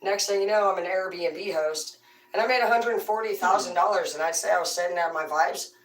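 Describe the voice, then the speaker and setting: A woman's voice: fairly low pitch, brisk, a little hiss or hum. A woman hosting a tarot channel, ranting casually with brash, profane, rambling talk. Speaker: tarot reader and host. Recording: echoey room, voice far from the mic.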